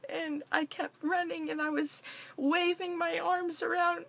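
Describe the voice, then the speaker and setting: A young woman vlogger giving an emotional personal testimony to camera, excited and laughing through her words. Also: very high-pitched, measured pace, vocal fry.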